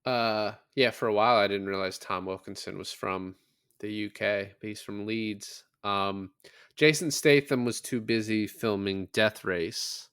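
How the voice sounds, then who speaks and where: A man's voice: fairly low pitch, unhurried, fairly bright tone, clear, resonant tone, no echo, studio quality. A man co-hosting a podcast, casually recapping a film and swearing freely as he talks. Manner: loose, swears freely, acts out quotes from the film. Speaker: podcast co-host.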